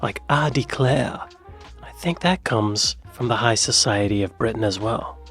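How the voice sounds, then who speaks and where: A man's voice: on the low side, expressive, moderate pace, fairly bright tone, faint music behind. A man hosting a casual reaction video, musing aloud and now and then dropping into a whisper. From American South. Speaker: reaction channel host.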